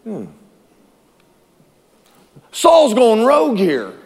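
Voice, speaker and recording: A man's voice: very high-pitched, huge pitch swings, extremely slow, slightly rough. A man pastor preaching a sermon, reading scripture aloud with wry asides and chuckles, in a church sanctuary. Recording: long reverb in a hall.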